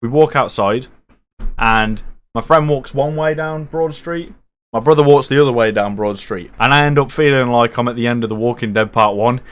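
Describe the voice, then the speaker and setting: A young man telling a night-out story casually, animated, swearing and poking fun at himself. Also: medium pitch, moderate pace. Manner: animated, swearing, self-mocking.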